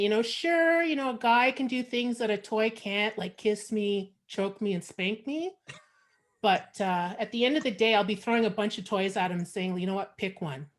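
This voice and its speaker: A woman from Montreal with a Canadian accent, performing a frank, sardonic stand-up set over a video call. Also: medium pitch. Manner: frank, sardonic, conversational with many fillers. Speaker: stand-up comedian.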